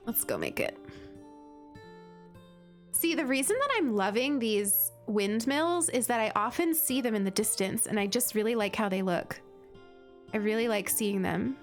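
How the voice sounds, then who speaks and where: A woman streamer chatting casually and gushing while she plays, with lots of "like" fillers. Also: fairly high pitch. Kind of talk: casual live-stream chat while playing.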